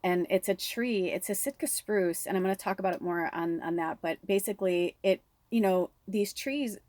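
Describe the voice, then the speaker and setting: A woman in her thirties, a spiritual reader, telling a personal story with shaky, tearful excitement and lots of "like.". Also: medium pitch, normal speed, dry recording. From Pacific Northwest.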